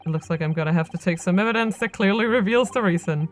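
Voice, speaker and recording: A woman's voice: on the low side, fast, few pauses, faint music behind. A woman streamer giving chatty, self-mocking let's-play commentary.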